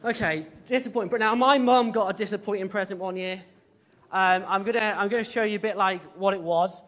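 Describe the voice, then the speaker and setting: Chatty high-voiced man leading church. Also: steady tone, brisk, fairly bright tone. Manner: chatty, hesitant, with many ums and playful asides. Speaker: service leader. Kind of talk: informal all-age church talk. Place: church service with congregation.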